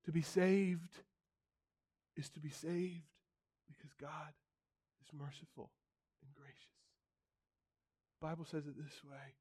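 Man, pastor, sermon, emphatic, repetitive phrasing, high voice. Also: steady tone, unhurried, pauses often, warm tone. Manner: emphatic preaching with repeated phrases.

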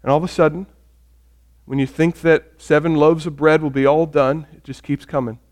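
A man preaching a sermon in a notably high voice, lively and expressive. He asks the congregation questions and acts out the voices in the story. He swings from loud emphatic lines down to soft, hushed ones. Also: moderate pace. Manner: animated, acts out quoted voices, shifts between loud emphasis and quiet. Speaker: pastor.

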